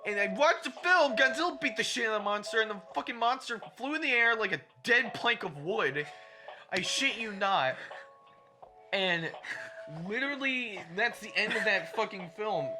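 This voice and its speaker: A profane man ranting in a lively voice. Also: high-pitched, moderate pace, music in the background. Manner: profane, ranting movie recap. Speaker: podcast co-host. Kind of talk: casual chat.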